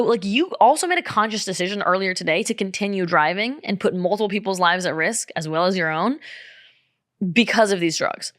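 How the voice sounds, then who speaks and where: A woman's voice: lowish voice, a bit bright, no room sound, studio quality. A young woman telling a personal story in casual, candid talk, swearing freely and acting out what others said. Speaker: vlogger.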